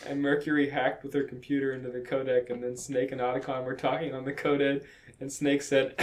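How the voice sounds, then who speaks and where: A man co-hosting a comedy podcast, reading a badly written fanfiction aloud in a deadpan voice that keeps breaking into laughter. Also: mid-range voice, moderate pace.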